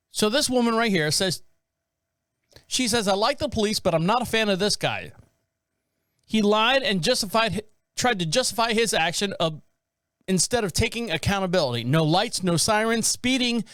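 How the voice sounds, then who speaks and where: Casting note: male podcast host, high voice, dry close sound, rambling and animated. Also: no room sound. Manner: rambling, animated, acts out quotes. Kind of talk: casual commentary on viral videos.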